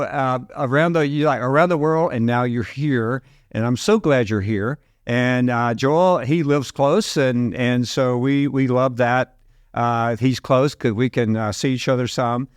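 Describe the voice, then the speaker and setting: A man's voice: medium pitch, smooth, dry recording, clean studio sound. An older man from Alabama with a Southern American accent, hosting an interview podcast in an effusive, repetitive, enthusiastic way. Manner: effusive, repeats himself, drawn-out emphasis. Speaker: podcast host.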